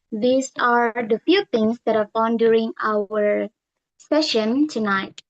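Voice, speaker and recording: Woman, ah counter, higher voice, very slow and methodical, slightly dull video-call audio. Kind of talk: online meeting report. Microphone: computer mic on a video call.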